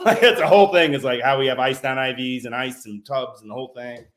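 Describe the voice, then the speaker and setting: A man in his forties, a podcast guest and former Navy corpsman, telling stories in an animated, profane, casual way. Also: medium pitch, fast talker, roomy sound. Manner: animated, heavy swearing, acts out quotes. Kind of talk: casual storytelling.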